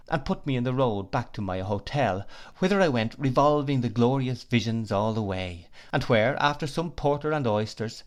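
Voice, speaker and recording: A man narrating a classic novel in the first person, reading at a measured pace. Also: mid-range voice. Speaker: audiobook narrator.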